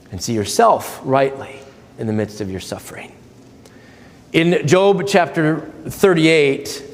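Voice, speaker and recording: Pastor guy preaching, kinda high voice, big church echo, gets loud then drops to almost a whisper. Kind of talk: sermon. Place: church sanctuary.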